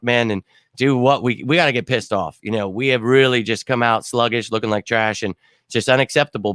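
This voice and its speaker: A man hosting a sports fan show, ranting bluntly and swearing after a loss, his throat hoarse from screaming. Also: mid-range voice, a bit bright, no echo, studio quality. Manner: fired-up, blunt, swears, repeats himself. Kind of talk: casual postgame fan rant.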